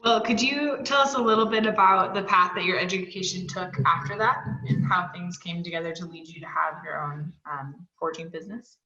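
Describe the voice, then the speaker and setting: A woman's voice: fairly low pitch, a little fast, hardly any pauses, sharp tone. A young woman interviewing a guest and asking her questions hesitantly, with frequent ums. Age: young adult. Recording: roomy, lo-fi sound.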